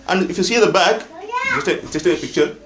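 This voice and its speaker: A man's voice: sits high, quick pace, crowd noise. Man teaching scripture, echoey hall. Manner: explanatory, repeats points for emphasis, asks the audience questions. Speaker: religious teacher. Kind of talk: scripture class lecture. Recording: echoey room.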